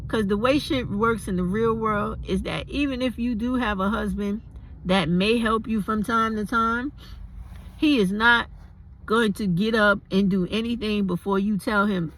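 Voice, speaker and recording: A woman's voice: mid-range voice, normal speed, a bit bright. Blunt, profane older woman vlogger. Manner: blunt, profane and rambling, with digressions. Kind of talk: casual commentary to camera.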